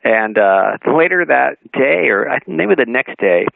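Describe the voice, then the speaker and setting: A man calls in as a guest to tell a story. His gravelly voice comes through a thin, phone-like line with no room sound at all. He keeps it animated, acting out the dialogue and laughing often. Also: medium pitch, unhurried, no room sound. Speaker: author and interview guest. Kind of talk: anecdotal storytelling on a radio talk show. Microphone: phone call-in. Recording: narrowband phone line, dry.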